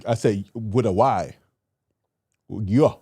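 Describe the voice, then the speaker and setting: Low, laid-back male co-host. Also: takes it slowly, mellow, slightly rough, dry recording, studio quality. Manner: laid-back, short replies. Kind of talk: casual banter.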